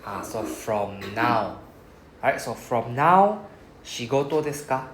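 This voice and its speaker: A man's voice: mid-range voice, big pitch swings, slow. A man with a Singaporean English accent teaching Japanese to a class, explaining patiently and often checking with "right?". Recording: echoey classroom, faint noise.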